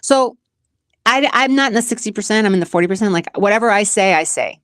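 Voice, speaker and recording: A woman's voice: medium pitch, lively intonation, fast, fairly bright tone, no room sound. A woman in a mid-range voice delivers a rambling, heartfelt monologue to her listeners. She is earnest and emotional, sometimes on the edge of tears. The sound is dry and close, with no room around it. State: tearful at times. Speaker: podcast host. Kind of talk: casual personal monologue.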